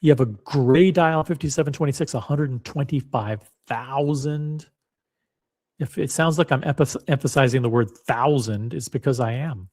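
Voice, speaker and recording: With few pauses and a slightly fast delivery, this watch channel host reads out listings wryly and musingly while browsing on screen. His mid-range voice has a darkish tone, and the commentary is a casual screen-share.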